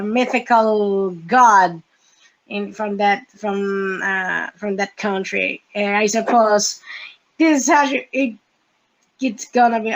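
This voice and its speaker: A woman hosting a casual fan podcast, talking in a halting way with many fillers and restarts. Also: mid-range voice, rough recording. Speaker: podcast host.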